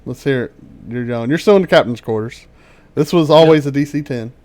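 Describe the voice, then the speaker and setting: A man narrating as game master over an online voice call, talking in halting bursts full of ums and restarts. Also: mid-range voice, warm tone.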